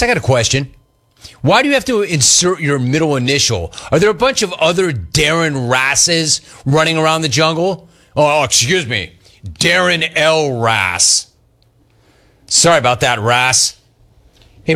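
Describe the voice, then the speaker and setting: Bright-voiced teasing male show host. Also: on the high side. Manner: teasing, mocking repetition. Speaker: talk show host reading listener messages. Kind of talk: casual live show banter.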